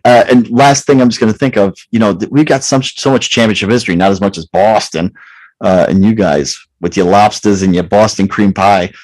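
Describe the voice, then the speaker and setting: Low-voiced joking man from Chicago. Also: fairly quick, darkish tone, dry recording, rough recording. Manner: chatty, playful ribbing. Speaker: podcast co-host. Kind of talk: casual chat.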